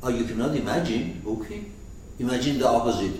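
A man's voice: medium pitch, expressive, brisk, a little mellow. A man teaching a class on a poetic text, speaking emphatically and asking his students questions. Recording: echoey room, distant mic, faint noise.

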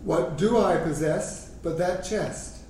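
A man reading out the lines of a poor, defensive husband in a slow, even voice. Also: sits high, slight background noise. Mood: aggrieved. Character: poor middle-aged husband, defensive and resentful. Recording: echoey room, mic far off.

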